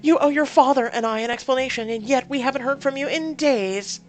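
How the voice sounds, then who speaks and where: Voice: sits high, a little fast, voice pushed up, lightly acted. A reader voicing a cold, imperious mother who scolds her grown daughter in a game playthrough. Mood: scolding, imperious. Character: domineering disapproving mother, middle-aged woman.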